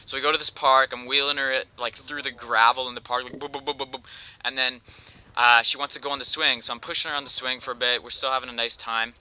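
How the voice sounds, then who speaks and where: A young man from Canada tells a wandering story over gameplay, leaning on slang and filler. His voice is very bright, forward and clean. The delivery is loose and chatty. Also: mid-range voice, little pitch movement, fast talker, clear, resonant tone, low-quality recording. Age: young adult. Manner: rambling, slangy, with lots of "like". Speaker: gameplay commentator.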